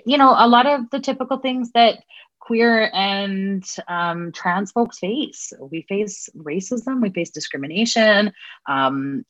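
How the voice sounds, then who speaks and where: A woman, a guest in an interview, speaking earnestly with many pauses and fillers. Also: mid-range voice, fairly bright tone, dry recording. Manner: earnest, many ums and uhs. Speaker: interview guest, Two-Spirit community worker. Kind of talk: heartfelt interview answers. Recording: dull, lo-fi sound with faint music.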